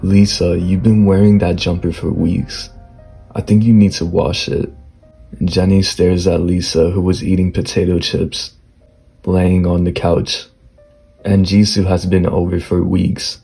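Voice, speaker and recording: Deep gravelly man, whispered role-play story. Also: level tone, soft background music. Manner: slow, low soft storytelling with stammered dialogue. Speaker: fan fiction reader.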